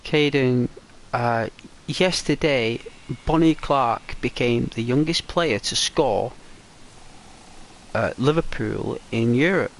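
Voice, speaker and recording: A man's voice: mid-range voice, slow pace, gravelly. A young man streaming a game, chatting casually with viewers, answering their messages, rambling and laughing often.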